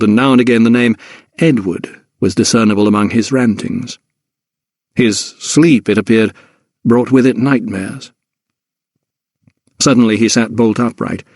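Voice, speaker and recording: A man reading a historical mystery audiobook in a measured, steady narration. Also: lowish voice, no echo, clean studio sound. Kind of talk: scripted narration.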